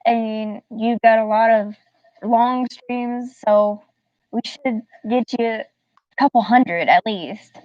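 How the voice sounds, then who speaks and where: A woman's voice: fairly high pitch, steady tone, takes it slowly, no room sound. Chatty giggly woman streamer from the south, greeting chat, dull dry mic a bit far off. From Southern United States. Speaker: livestreamer. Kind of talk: casual live-stream chat.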